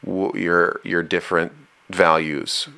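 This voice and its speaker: A man with an extremely low, deep voice and a bright, forceful edge gives casual relationship advice. He speaks, blunt and frank, never softening what he means. It comes across as a plainspoken host sharing hard-earned opinions. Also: little pitch movement, slow, gravelly, slight background noise.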